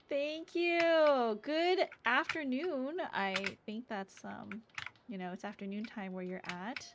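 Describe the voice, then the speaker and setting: A woman streaming a game, chatting casually and giggly while reading chat aloud. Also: mid-range voice. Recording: audible background noise and keyboard clicks.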